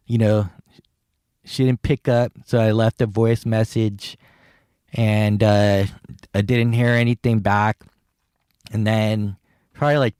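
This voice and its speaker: A man's voice: fairly low pitch, a little mellow, clear, resonant tone, no echo, clean studio sound. A man casually telling a personal story on his podcast, rambling and laughing at himself as he acts out the dialogue. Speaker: podcast host.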